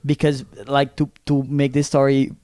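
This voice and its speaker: A young man from Brazil co-hosting a podcast, telling a story in a casual, animated way, acting out the people in it and swearing freely. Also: mid-range voice, normal speed, smooth, no echo, clean studio sound. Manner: animated, acts out quoted voices, swears freely. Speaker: podcast co-host.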